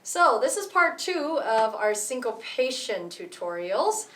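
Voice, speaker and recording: A woman's voice: on the high side, sing-song, measured pace, fairly bright tone. Woman teaching rhythm in an echoey room. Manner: explains step by step, counts beats aloud. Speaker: music teacher. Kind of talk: rhythm tutorial. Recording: roomy echo, voice from some distance.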